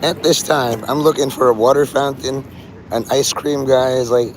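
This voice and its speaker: A man's voice: medium pitch, steady tone, normal speed, poor audio. A man rambling on a live stream from an open-air city plaza, joking, swearing and talking to the birds. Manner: loose, joking, swears casually, talks to birds and viewers. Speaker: livestream vlogger. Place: open-air plaza among tall city buildings, outdoors. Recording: outdoor phone audio with street noise. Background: city street ambience.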